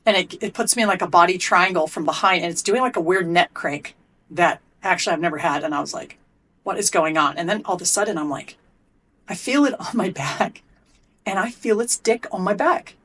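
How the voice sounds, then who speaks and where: A middle-aged woman speaks as a podcast guest, her voice a little lower than most. She tells her story bluntly, animated and full of profanity. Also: a little fast, husky. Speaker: guest, athlete and coach. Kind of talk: candid storytelling in a podcast interview.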